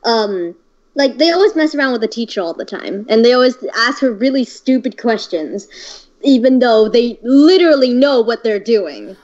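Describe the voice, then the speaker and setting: Excitable teenage girl on a dull mic. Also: fairly high pitch, normal speed. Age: teens. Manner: excitable, laughs and chimes in often. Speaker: livestream co-host. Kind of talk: casual livestream chat.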